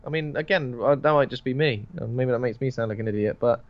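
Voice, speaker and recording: A man's voice: mid-range voice, quick pace, no room sound. A chatty man co-hosting a horror podcast, swearing freely and acting out bits of dialogue. The audio sounds dull and lo-fi. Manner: chatty, swears, acts out lines in raised voice. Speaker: podcast co-host. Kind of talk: casual film discussion.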